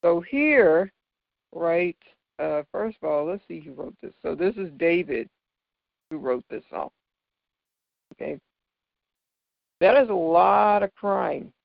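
A man's voice: high-pitched, animated, slow, vocal fry, long pauses, no room sound. A man teaching figures of speech from scripture, patiently explaining and often checking in with "right?". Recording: dull lo-fi dry recording.

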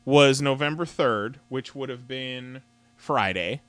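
Bright, rambling male podcast host. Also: mid-range voice, slow pace, no room sound. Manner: rambling, with many fillers and restarts, laughing often. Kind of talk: casual podcast chat.

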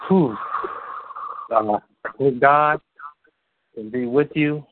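A man calling in to a radio show, holding back tears as he speaks with slow, halting, heartfelt pauses. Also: mid-range voice, slight background noise. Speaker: caller. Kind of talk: emotional tribute on a call-in show. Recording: dry, tinny phone line.

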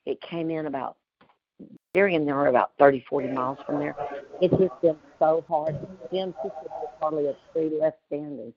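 A woman's voice: low voice, a little fast, background noise. Chatty Southern woman on a muffled call. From Louisiana. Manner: chatty, animated storytelling with frequent laughs. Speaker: community call participant. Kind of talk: casual group call chat. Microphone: remote call audio.

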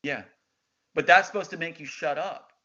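Middle-aged male guest, insistent storyteller, forceful bright tone, lo-fi audio. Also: a little high, moderate pace. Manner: intense, insistent, quotes others' words. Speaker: interview guest. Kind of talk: emotional storytelling. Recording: dull lo-fi sound.

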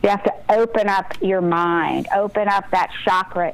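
A woman's voice: medium pitch, measured pace, hardly any pauses, clean tone, poor audio. Woman author, radio guest, earnest motivational delivery. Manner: earnest, motivational, talks about breathing and intuition. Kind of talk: casual radio interview.

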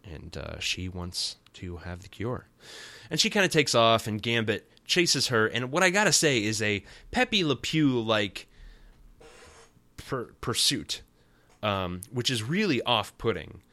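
A man's voice: lowish voice, sing-song, measured pace, sharp tone, no echo. A man hosting a podcast, giving a rambling, wry and sarcastic recap of a cartoon episode. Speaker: podcast host.

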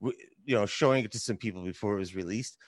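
A man hosting a podcast in casual chat, upbeat and quick to laugh and chime in. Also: fairly low pitch, breathy edge, no room sound, studio quality. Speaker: podcast host.

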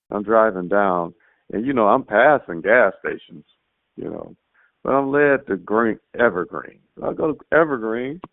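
A man tells a testimony on a prayer line in a lively storytelling way, acting out what he and others said. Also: lowish voice, vocal fry, no room sound. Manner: animated storytelling, acts out his own quotes. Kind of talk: casual spoken testimony. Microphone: phone. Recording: tinny phone line, dry.

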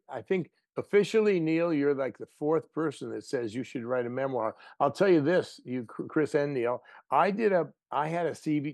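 Man, interview guest, animated storyteller, dry close sound. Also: medium pitch, no echo. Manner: animated storyteller, playful voices for quotes. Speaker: actor guest. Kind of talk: casual interview chat.

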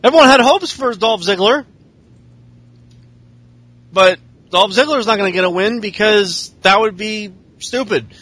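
Sardonic man recapping, high bright voice. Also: a little slow, long pauses, dry recording. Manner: sardonic, profane storytelling. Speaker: podcast host. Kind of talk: casual wrestling recap chat.

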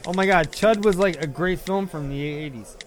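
A man's voice: a little high, normal speed, very noisy. A man co-hosting a podcast in casual chat. He is playful and often laughs while he talks. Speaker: podcast co-host. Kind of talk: casual chat, reading news clippings aloud.

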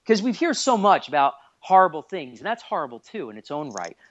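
A man in his thirties, a guest on a casual podcast, telling stories in an excitable way with lots of swearing. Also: on the high side, fairly quick. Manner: animated, swears a lot, excitable. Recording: dull lo-fi podcast audio.

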